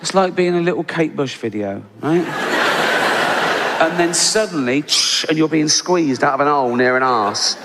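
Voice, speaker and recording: Sardonic English comic, fairly high voice. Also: male voice, moderate pace. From England. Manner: sardonic, conversational, tags lines with "right?". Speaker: stand-up comedian. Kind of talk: stand-up comedy routine. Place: large theatre stage before a live audience. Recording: reverberant hall with audience noise.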